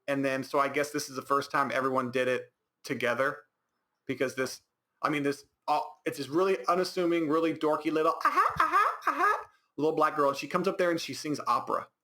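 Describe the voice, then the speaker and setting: American guy rambling on a podcast, bright tone, lots of um and like. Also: on the high side. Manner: rambling, halting, lots of fillers and restarts. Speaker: podcast co-host. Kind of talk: casual chat.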